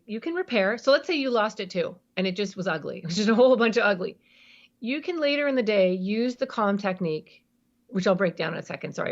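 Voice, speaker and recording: A woman's voice: medium pitch, creaky, lo-fi sound. A woman being interviewed as a parenting expert on a podcast, explaining emphatically and acting out examples.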